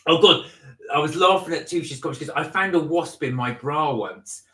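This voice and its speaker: Brief: man, live-stream co-host, rambly and chatty, slightly high voice, echoey home room. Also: normal speed, a bit bright, far from the mic. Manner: chatty, rambling, with laughs and retold anecdotes. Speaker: vlog co-host. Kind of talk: casual live-stream chat.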